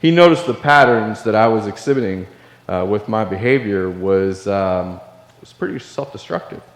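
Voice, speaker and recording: Low-voiced man speaking in an echoey hall. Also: animated, normal speed. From Illinois. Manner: earnest, confessional storytelling. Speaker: keynote speaker, Navy veteran. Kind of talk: personal story speech. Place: large hall. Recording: echoey hall with long reverb.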